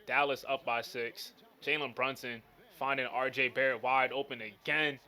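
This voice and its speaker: A man's voice: medium pitch, fairly even intonation, moderate pace, pushed and bright. A man giving casual, slangy play-by-play commentary over a basketball video game. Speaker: gaming commentator.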